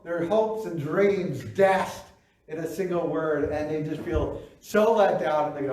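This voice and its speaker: A man's voice: fairly high pitch, a little slow, darkish tone, slight background noise. A man preaching a sermon as pastor, in a conversational way, acting out quoted reactions and often asking "right?". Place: church sanctuary. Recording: very echoey hall, voice from far off.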